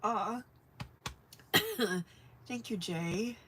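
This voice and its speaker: A woman's voice: medium pitch, sing-song, very slow, a bit bright, a little hiss or hum. A woman hosting a live crafting stream, chatting casually and rambling as she works and answers her viewers. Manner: rambling, chatty, often laughs, reads live chat. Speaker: crafting livestream host. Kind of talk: casual chat while crafting.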